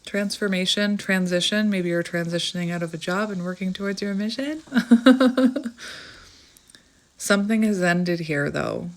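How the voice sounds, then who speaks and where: A woman's voice: medium pitch, a little slow, pauses often. A woman chatting casually as she gives a tarot reading, laughing often and thinking aloud. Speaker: tarot reader.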